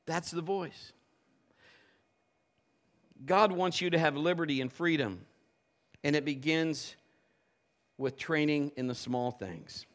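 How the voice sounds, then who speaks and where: Lively animated male pastor preaching. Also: fairly high pitch. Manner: animated storytelling, acting out voices. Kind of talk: sermon with personal story. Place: church service.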